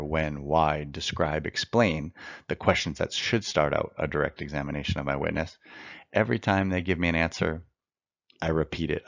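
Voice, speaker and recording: A man with a very low, gravelly voice teaches mock trial in a recorded lecture. He is earnest and emphatic, repeating phrases for effect and pacing himself deliberately. The sound is dry and a little dull. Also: no echo. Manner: works to slow down a fast natural pace.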